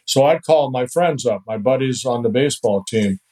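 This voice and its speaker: Older male guest from the Netherlands; relaxed, chatty anecdotes with easy chuckles. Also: mid-range voice, moderate pace, low-quality recording. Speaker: guest, retired pitcher. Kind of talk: storytelling in a podcast interview.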